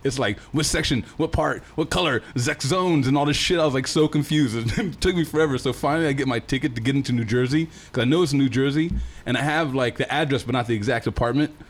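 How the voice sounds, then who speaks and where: Fast-talking profane man telling a story. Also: mid-range voice. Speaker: guest telling a travel story. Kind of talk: casual storytelling.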